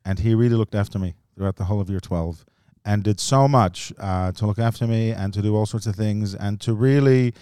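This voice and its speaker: A man's voice: on the low side, brisk, few pauses, dark tone, clear, resonant tone, no room sound, clean studio sound. A man telling rambling personal stories in casual podcast chat, laughing often as he goes. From grew up in the US and Australia. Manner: rambling storytelling with frequent laughs. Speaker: comedian guest.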